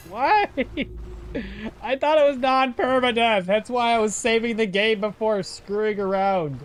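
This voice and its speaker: A man with a high, clean-toned voice streams a game at an unhurried pace. Chatting casually with viewers, he comes across exasperated and keeps laughing.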